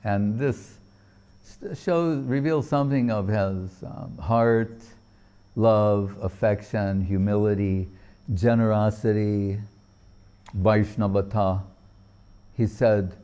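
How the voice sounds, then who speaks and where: An older man giving a sermon-style spiritual class in an unhurried, drawn-out way. His voice is mellow and warm. He talks haltingly, trailing off and restarting as he searches for words. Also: on the low side, clear, resonant tone. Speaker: spiritual teacher.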